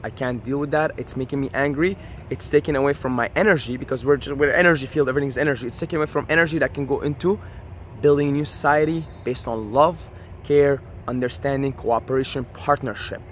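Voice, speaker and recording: A man's voice: mid-range voice, fast, a little hiss or hum. A man vlogging in a casual motivational monologue, passionate and profane, often asking "right?".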